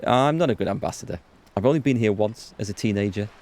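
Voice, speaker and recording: A man reading the lines of a calm, thoughtful older woman in a game, using a slightly raised voice that stays close to his own. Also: fairly low pitch, fast talker, natural voice.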